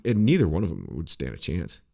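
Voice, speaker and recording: A man co-hosting a podcast, chatting casually in a loud, profane, ranting way and mocking other people's voices. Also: very deep voice, wildly swooping pitch, a little fast, creaky. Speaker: podcast co-host. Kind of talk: casual chat.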